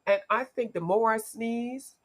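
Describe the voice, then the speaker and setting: A woman with a fairly high-pitched voice talks a little slowly as she hosts a casual livestream. She chats with viewers by name, her allergies leaving her congested and her voice gone deep.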